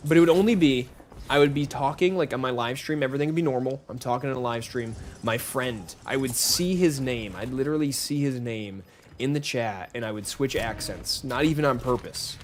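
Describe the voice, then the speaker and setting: Man, game streamer, casual rambling talk, mid-pitched voice, slight background noise. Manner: rambling, chatty, greets viewers by name. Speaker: gaming streamer. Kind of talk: casual live-stream chat while playing.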